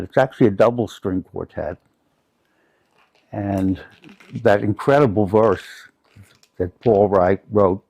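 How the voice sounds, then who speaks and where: A man's voice: lowish voice, gravelly, warm tone, breathy edge, no room sound, low-quality recording. An older man from the United States, a guest in an interview, telling personal stories in a reflective, anecdotal way.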